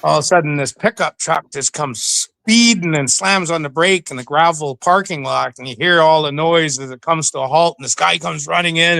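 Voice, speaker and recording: A middle-aged man from western Canada tells stories as an interview guest, lively and chatty, and he often slips into other people's voices. His voice is a little high and bright, with a forward edge. The sound is close and dry. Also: moderate pace, gravelly, no echo. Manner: animated storyteller who acts out the voices. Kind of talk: casual storytelling.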